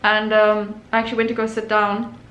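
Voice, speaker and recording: Speaking fairly quickly in a completely flat delivery, this young woman has a medium-pitched, fairly bright voice. She's an artist running her own channel, recounting something personal in a chatty manner with lots of fillers and false starts. Faint noise and room echo are audible.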